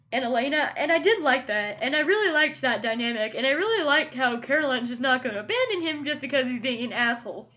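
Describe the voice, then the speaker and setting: Woman, casual review vlog, gushing, high voice, muffled lo-fi recording. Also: sharp tone. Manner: gushing, emotional, many "like" fillers. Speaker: TV show reviewer.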